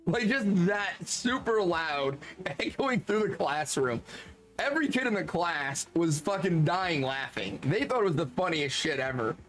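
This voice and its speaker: A man streaming, telling casual anecdotes in an animated way, laughing often and swearing freely. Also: fairly high pitch, unhurried. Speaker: streamer reading chat.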